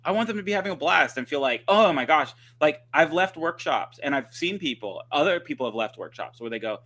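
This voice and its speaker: A man speaking as a guest dog trainer on a livestream, telling stories in an animated, conversational way with quick restarts. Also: a little high. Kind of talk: casual conversation. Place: livestream video call.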